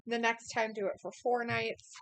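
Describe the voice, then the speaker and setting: A woman's voice: on the high side, flat delivery, normal speed, no room sound, low-quality recording. A woman co-hosting a casual live watch-along stream, laughing often as she reads viewer comments aloud. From Idaho, USA. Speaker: co-host reading chat comments.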